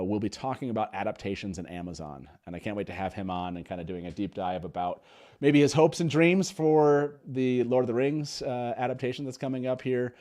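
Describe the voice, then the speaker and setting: A young podcast host runs a live stream, chatting casually and upbeat, with lots of fillers and frequent laughter. His voice is fairly low and a little mellow.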